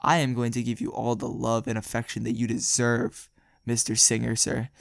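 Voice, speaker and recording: Young male vlogger, gravelly voice, dry close sound, rambling storytime delivery. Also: medium pitch, completely flat delivery, normal speed, no room sound. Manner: rambling, jokey, laughs often. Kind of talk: casual storytelling.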